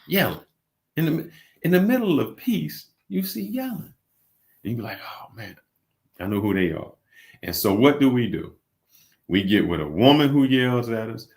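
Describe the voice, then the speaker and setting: A man co-hosting a casual reflective chat, telling stories and acting out the people in them. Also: lowish voice. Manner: animated storyteller, acts out quotes. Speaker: vlog co-host.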